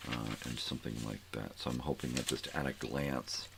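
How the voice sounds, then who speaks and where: A man's voice: very deep voice, fairly even intonation, normal speed, vocal fry, noisy background. An older man hosting a casual morning show, rambling and thinking aloud, often trailing off into mumbles. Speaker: host.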